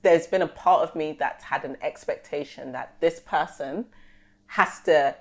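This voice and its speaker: A young woman, co-hosting a casual podcast chat, animated and slangy, acting out conversations. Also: low voice, a little slow. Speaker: podcast co-host.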